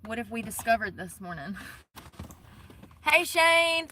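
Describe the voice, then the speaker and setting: A woman livestreaming from her parked truck on her phone, talking in a chatty, animated way with lots of laughs and a slangy drawl. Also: on the high side, a little slow, a little hiss or hum, rough recording. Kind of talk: casual livestream chat.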